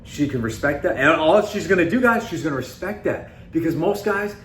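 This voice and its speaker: Slightly high and a bit quick, this man's voice has lively intonation. As a self-improvement host giving a casual motivational talk, he speaks emphatically and conversationally, repeatedly calling his audience "guys," recorded in an echoey space with faint background noise.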